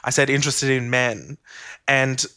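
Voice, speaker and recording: A man in his thirties telling a personal story as an interview guest, chatty and animated, mimicking other people's voices. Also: medium pitch, unhurried, clean tone.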